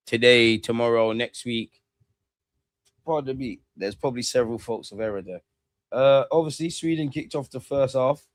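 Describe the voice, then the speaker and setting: Slangy man in his thirties. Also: medium pitch. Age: 30s. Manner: rambling, slangy banter. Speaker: watch-along streamer. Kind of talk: casual live football watch-along commentary.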